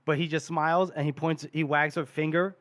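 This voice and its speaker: A man co-hosting a book podcast, retelling scenes with a lot of laughing. His voice sits a little high. The sound is dry and close. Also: little pitch movement, fairly quick, fairly bright tone, no room sound. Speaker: podcast co-host. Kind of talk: casual book discussion.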